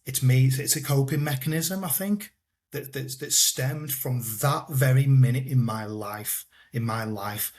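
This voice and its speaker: Man, guest, personal story, halting delivery with repeats and soft trailing endings. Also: mid-range voice. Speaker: guest telling his life story. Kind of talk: personal storytelling in a podcast interview.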